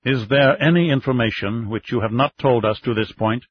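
A man doing a calm, reasonable minister. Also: mid-range voice, moderate pace, husky, muffled recording, natural voice. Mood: calm probing. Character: reasonable, measured male interior minister.

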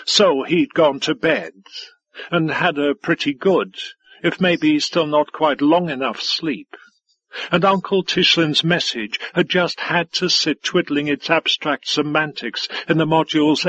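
A man reads a story aloud in a measured, wry narration. His voice is husky and sits a little high. The recording is dry and dull, with a lo-fi sound. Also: sharp tone, dry recording. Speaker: audiobook narrator. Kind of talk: scripted narration.

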